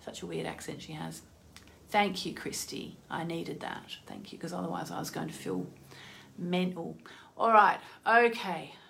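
A woman hosting a casual live-stream card reading, chatty and effusive, reacting emotionally aloud and drifting between soft near-whispers and excited exclamations. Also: lowish voice, unhurried, vocal fry, slight background noise. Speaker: oracle card reader and host.

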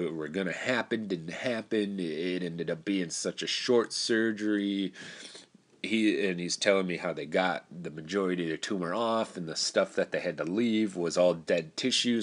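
A young man with a very low, deep voice tells a story casually and candidly. He rambles, restarts his sentences and swears now and then. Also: fairly bright tone. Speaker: storyteller recounting personal experience.

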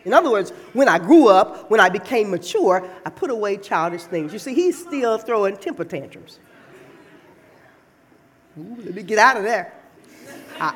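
A woman preacher giving a lively, playful sermon in a church, teasing her listeners as she makes her points. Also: mid-range voice, a little hiss or hum. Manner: playful, teasing, animated delivery.

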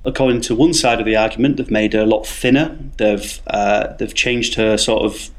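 A man's voice: lowish voice, steady tone, moderate pace. A man co-hosting a casual comedic podcast, chatty and giggly, rambling with fillers while he runs through the news. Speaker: podcast co-host, news segment.

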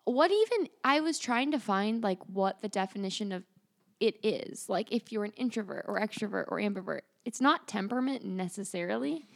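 A woman's voice: medium pitch, lively intonation, brisk, creaky. A woman co-hosting a casual podcast, chatty and good-humored as she explains ideas. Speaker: podcast co-host.

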